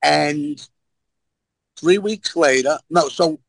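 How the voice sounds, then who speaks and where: A man's voice: a little high, very slow, gravelly, dry recording, rough recording. A man with a New York accent telling blunt, brash stories as a talk-show guest. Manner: brash, blunt anecdotal storyteller. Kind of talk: casual storytelling.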